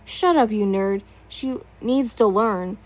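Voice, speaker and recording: A woman voicing a gruff, bossy young man who speaks curtly and firmly. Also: mid-range voice, takes it slowly, natural voice.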